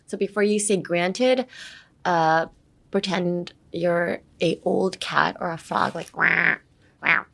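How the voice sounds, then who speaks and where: A woman's voice: on the low side, fairly even intonation, slow pace, gravelly. A young woman from California, teaching English pronunciation in a bubbly way and switching between English and Japanese. She uses lots of "um" and "like" fillers. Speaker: podcast English teacher and idol. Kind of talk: casual English pronunciation lesson.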